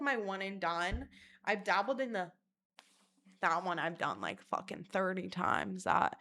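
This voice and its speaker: A young woman telling wild personal stories in a casual vlog, crude and animated, slipping into mocking voices. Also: mid-range voice. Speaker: vlogger.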